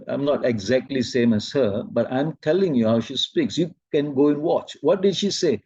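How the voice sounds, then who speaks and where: A man from Malaysia teaching a presentation-skills workshop, speaking slowly and deliberately and quizzing his audience. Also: mid-range voice, a little mellow, slightly rough, dry recording, dull audio.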